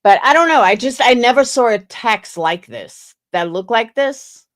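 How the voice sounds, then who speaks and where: A woman's voice: fairly high pitch, expressive, normal speed, a bit bright. A woman hosting a casual livestream, chatting skeptically with viewers and reading messages aloud. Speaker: livestream host.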